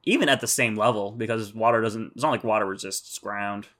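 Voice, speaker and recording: A man's voice: fairly low pitch, brisk, fairly bright tone. Nerdy, detail-minded male podcast co-host. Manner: nerdy, detail-focused recapping. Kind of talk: casual podcast chat.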